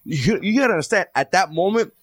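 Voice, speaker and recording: A man's voice: high voice, fast, slightly rough, no echo. A man co-hosting a podcast, telling a story in casual chat with lots of swearing and acted-out quotes. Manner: profane, animated, acts out quoted voices. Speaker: podcast co-host.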